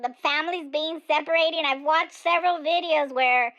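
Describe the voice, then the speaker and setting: A performer doing a talkative older woman with a high, bright voice. She gives her opinions in a rambling way, full of uhs and ums, in a comedic character monologue. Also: fairly even intonation, normal speed, muffled recording. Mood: opinionated. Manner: chatty, digressive, many fillers.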